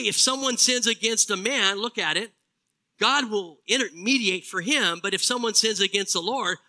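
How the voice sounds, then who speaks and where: Bright, high-voiced male pastor preaching. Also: poor audio. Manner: preaching earnestly with emphatic slowed phrases. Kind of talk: sermon.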